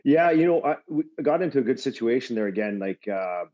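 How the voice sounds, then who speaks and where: A middle-aged man, a former pro athlete, chatting as a podcast guest and telling an animated anecdote, laughing often and swearing now and then. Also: medium pitch, brisk. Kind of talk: casual chat, storytelling. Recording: slightly dull lo-fi audio.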